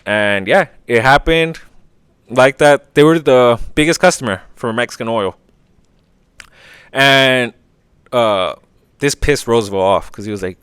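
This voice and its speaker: A man hosting a casual history podcast, opinionated and profane, briefly acting out quick voices. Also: medium pitch, fairly bright tone, smooth, no echo. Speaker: podcast host.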